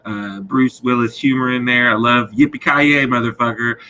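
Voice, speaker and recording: A man's voice: mid-range voice, fairly even intonation, normal speed, sharp tone, low-quality recording. A man co-hosting a podcast, talking casually and enthusiastically about a favorite movie. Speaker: podcast co-host.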